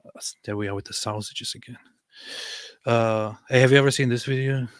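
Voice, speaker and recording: A man's voice: medium pitch, fairly even intonation, a little fast, no room sound. Wry, laid-back man on a dry mic. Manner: laid-back, wry, reads viewer comments. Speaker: co-host of a live talk stream. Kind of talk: casual live-stream chat.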